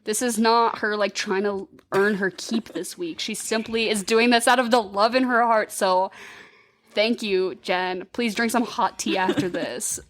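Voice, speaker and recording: A woman co-hosting a podcast in casual chat, animated and quick to laugh, often poking fun at herself. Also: medium pitch. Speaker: podcast co-host.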